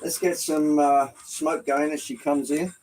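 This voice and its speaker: A guy chats to his stream about his model trains from an indoor hobby room with a layout, exclamatory, chatty, and reading the chat aloud. His voice runs higher with a darkish tone and fairly even intonation, and he speaks a little slowly on a rough recording.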